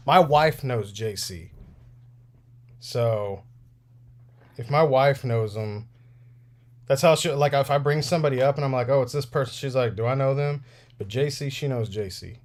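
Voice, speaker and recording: Speaking a little slowly in a mid-range voice and pausing often, the toy repair streamer chats casually while working on action figures. He's in his thirties, rambles, and laughs frequently.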